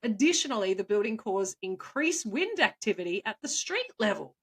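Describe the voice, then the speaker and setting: A woman co-hosting a podcast, playfully telling stories with quick asides and frequent laughs. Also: mid-range voice, very animated, breathy edge. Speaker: co-host, storyteller. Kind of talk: casual chat.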